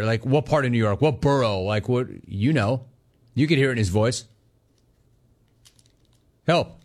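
Middle-aged male sports talk host, casual, jokey, animated storyteller, mid-pitched voice. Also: moderate pace, long pauses. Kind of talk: casual call-in radio talk.

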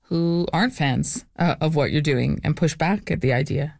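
Woman host with a really low voice asking questions, gentle and attentive, dry close mic. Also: moderate pace, creaky, no echo. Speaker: radio interviewer. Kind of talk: interview.

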